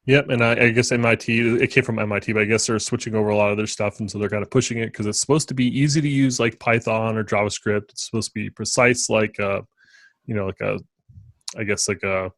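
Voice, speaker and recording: A man's voice: on the low side, fairly even intonation, fast talker, a bit bright, dry recording. A man co-hosting a casual tech podcast, talking in a rambling way with many fillers. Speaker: podcast co-host.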